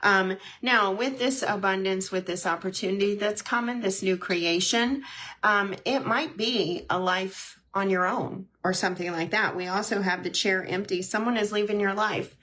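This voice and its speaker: A woman's voice: mid-range voice, fairly even intonation, measured pace, fairly bright tone. A woman hosting a casual live-stream tarot reading, chatty and heartfelt, with frequent ums and restarts. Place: at home.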